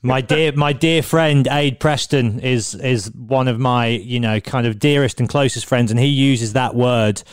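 A man speaks in a reflective, halting way, pausing to find his words. His voice is smooth and clear at an ordinary pitch. The sound is dry and close. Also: dry recording. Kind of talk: casual podcast chat.

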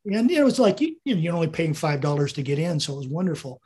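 Fast and very animated, this older American man's voice is fairly high, darkish, with a breathy edge. He's a veteran in his seventies guesting on an interview, rambling through anecdotes, laughing and quoting what people said.

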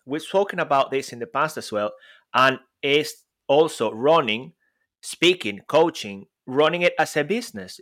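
A man's voice: medium pitch, fairly bright tone. A man co-hosting a podcast, chatting casually in an upbeat, agreeable way. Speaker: podcast co-host.

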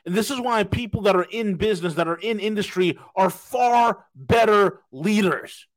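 A man's voice: high voice, moderate pace. Blunt, emphatic American man ranting. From United States. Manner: emphatic, repeats key phrases, blunt and profane. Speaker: podcast co-host. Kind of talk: casual political commentary.

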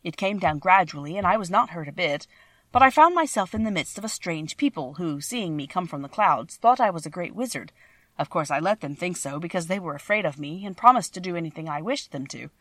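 A middle-aged humbug wizard with a boastful streak looks back on how he came to be taken for a great magician, as a woman reads him aloud. His voice sits low. The storybook narration is recorded close and dry. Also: animated, brisk, fairly bright tone, no room sound. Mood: reminiscing. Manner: recounting a tale in first person. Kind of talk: audiobook reading.

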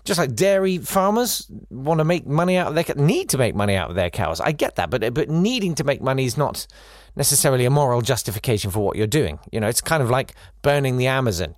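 A man's voice: medium pitch, big pitch swings, fast talker, few pauses, no room sound, clean studio sound. A man hosting a comedy show, delivering a rambling, sarcastic satirical monologue. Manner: wry, rambling, sarcastic asides. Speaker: comedy podcast host.

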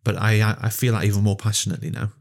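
A man's voice: on the low side, very fast, vocal fry. A man co-hosting a casual film podcast, eagerly spinning out ideas. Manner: animated, spins ideas. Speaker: podcast co-host.

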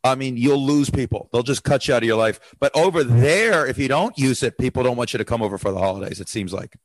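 A man's voice: mid-range voice, lively intonation, fast, no echo, poor audio. A man from the United States, a comedian guest on a talk show, chatting and joking. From USA. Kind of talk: casual chat.

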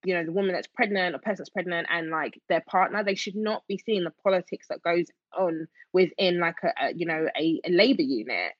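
A woman's voice: on the low side, brisk, hardly any pauses, no room sound. A woman telling a personal story as an interview guest, emotional, with many fillers and restarts. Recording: dull dry lo-fi sound.

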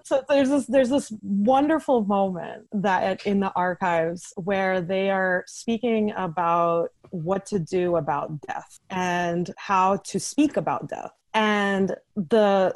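A woman's voice: mid-range voice, takes it slowly, few pauses, no echo. A woman researcher talking through her archive findings in an interview, thoughtful, with lots of restarts and fillers and frequent laughs. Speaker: guest researcher. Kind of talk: academic interview conversation.

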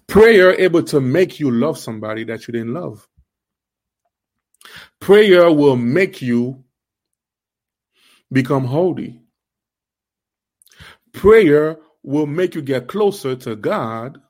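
A man with an accent hosting an online faith series, preaching in an emphatic way with repeated rhetorical questions and halting restarts. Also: expressive, a little mellow. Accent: non-native accent. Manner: halting restarts, rising pitch when stressing. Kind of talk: livestream preaching.

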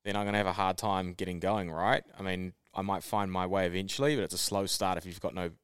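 A man's voice: low-pitched, fairly even intonation, fast talker, clean tone, no echo, studio quality. A man co-hosting a casual podcast chat, explaining his points steadily with worked examples. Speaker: podcast co-host.

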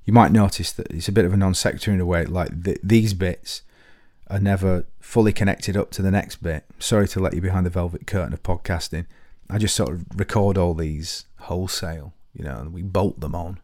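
A man's voice: low voice, a little fast, darkish tone, no room sound, studio quality. A man hosting a podcast, talking to listeners in a rambling, self-deprecating comic monologue full of restarts. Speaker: podcast host.

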